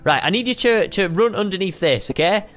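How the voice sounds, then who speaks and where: A young man giving playful, chatty commentary while playing a survival game, now and then breaking into high squeals. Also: animated, brisk, a bit bright. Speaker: gaming video host. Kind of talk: casual gameplay commentary.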